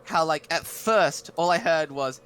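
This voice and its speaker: Man, bright forceful tone, slightly high pitch, chatty podcast co-host. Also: measured pace, slight background noise. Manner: chatty, thinks aloud with fillers. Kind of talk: casual online podcast chat.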